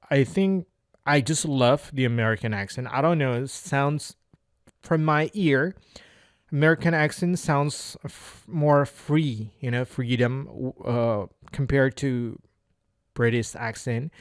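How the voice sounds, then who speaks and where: An Indonesian-speaking man practices his spoken English in a casual monologue, hesitating often and restarting with plenty of fillers. His medium-pitched voice is smooth, and the studio recording is clean with no echo.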